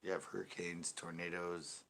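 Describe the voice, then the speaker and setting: A man's voice: low voice, level tone, normal speed, fairly bright tone. A man from California, hosting a fishing channel in casual livestream chat, ranting loosely and swearing freely.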